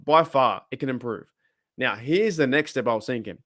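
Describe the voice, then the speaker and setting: Australian man, livestream host, chatty and rambling, medium pitch, dry close sound. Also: animated, normal speed, fairly bright tone, no echo. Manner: rambling, chatty, reads comments aloud. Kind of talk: casual live-stream chat.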